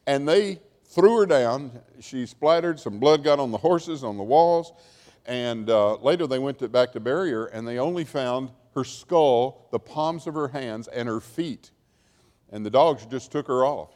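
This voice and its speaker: A man's voice: mid-range voice, a little mellow. Male Bible teacher, informal and wry with asides, mid-range voice, recorded in a reverberant hall. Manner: chatty, wry, asides and chuckles. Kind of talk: informal lecture storytelling.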